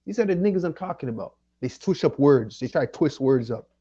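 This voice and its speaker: A man from Jamaica rants on his own channel, profane and fed up, circling back to the same points. He sounds a little loose from liquor and weed. His voice is dark and mellow, and the recording is dull and lo-fi. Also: fairly high pitch, lively intonation, brisk, slightly rough. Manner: profane, annoyed, repetitive ranting. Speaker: channel host. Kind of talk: livestream rant.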